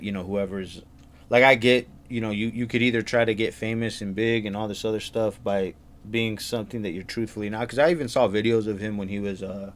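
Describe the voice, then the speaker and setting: Rambling low-voiced guy reacting on stream. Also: a little hiss or hum. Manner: rambling, filler-heavy, repeats "that's crazy". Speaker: stream host reacting to a video. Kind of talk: casual reaction commentary.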